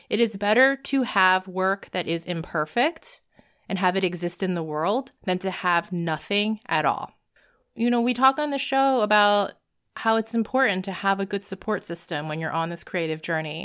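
A woman's voice: medium pitch, fairly bright tone. Woman hosting a podcast solo, mid voice, earnest and encouraging, heartfelt motivational talk. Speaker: podcast host.

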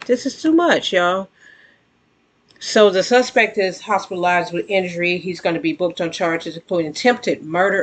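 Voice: mid-range voice, a bit bright. An earnest vlogger talks directly to the audience in loose, casual commentary. The delivery is conversational, with plenty of restarts, and now and then it rises into emphatic, exasperated outbursts. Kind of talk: casual spoken commentary to viewers.

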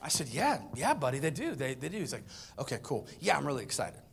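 A man in his thirties preaching a sermon, telling a funny family story and acting out the dialogue with growing excitement. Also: mid-range voice, fast, vocal fry, a little hiss or hum. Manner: animated storyteller, acts out dialogue with rising excitement. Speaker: pastor. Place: church auditorium with a live audience.

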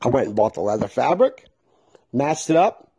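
A man's voice: medium pitch, very animated, normal speed, mellow, slightly rough. A middle-aged man telling a casual, exasperated story with lots of swearing. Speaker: vlogger.

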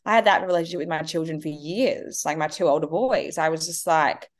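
Animated woman in her thirties. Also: deep voice, brisk. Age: 30s. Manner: animated, acts out her kids' voices. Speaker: guest. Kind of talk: casual conversation.

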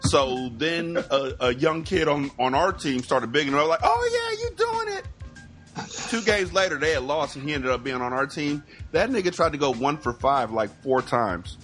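A man co-hosting a podcast, telling stories in animated casual chat and acting out sounds. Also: medium pitch, moderate pace, few pauses, soft background music. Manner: animated storyteller, acts out sounds. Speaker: podcast co-host.

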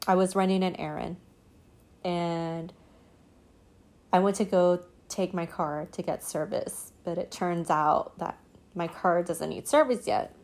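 A woman's voice: on the low side, steady tone, measured pace, a little mellow. A woman hosting her own podcast, talking earnestly and meandering, full of "you know" and "like". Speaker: podcast host. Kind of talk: casual reflective solo podcast talk.

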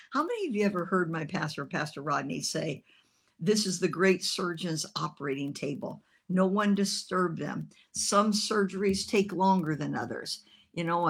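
A woman preaching a sermon, telling a story with animated, humorous acted-out voices. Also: fairly low pitch.

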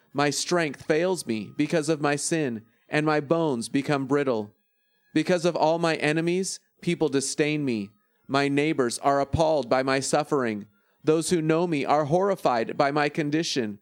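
A man giving a steady, measured reading of scripture. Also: fairly high pitch, dry recording, studio quality. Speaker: scripture reader.

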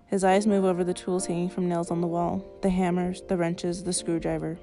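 A woman podcast host reading a literary short story aloud in a measured, even way, recorded in her car. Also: lowish voice, soft background music.

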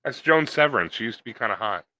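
A man's voice: medium pitch, expressive, fast, bright, forceful tone, dry recording. A man co-hosting a podcast, riffing crudely and sarcastically while watching a movie. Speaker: podcast co-host. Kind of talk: casual movie watch-along banter.

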